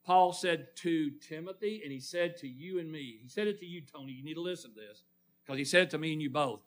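His voice on the high side and a bit bright, a man preaches briskly in church. He questions the congregation call-and-response style and calls on individuals by name.

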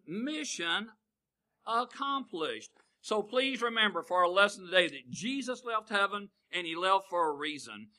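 Older preacher with a bright, high voice. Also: male voice, rough recording. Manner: folksy, call-and-response with the congregation, swings between booming and hushed. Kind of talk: sermon.

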